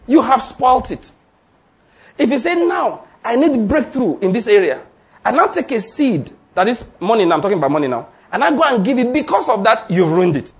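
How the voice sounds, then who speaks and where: Man, pastor, sermon, high voice, very lively intonation, call-and-response. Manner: emphatic call-and-response preaching.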